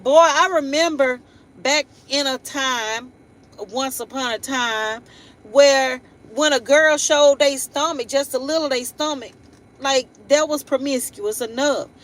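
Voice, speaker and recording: The audio is poor as a woman with a high, fairly bright voice hosts a laid-back live tarot stream, speaking a little slowly. Blunt and playful, she rambles in slangy everyday speech, breaking into laughing asides and tag questions often.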